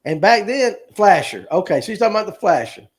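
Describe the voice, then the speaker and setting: Fast-talking and sing-song, with a voice that sits high, a North Georgia man hosts a casual fishing livestream show. He's folksy and jokey, reading viewer comments out loud and talking to people by name.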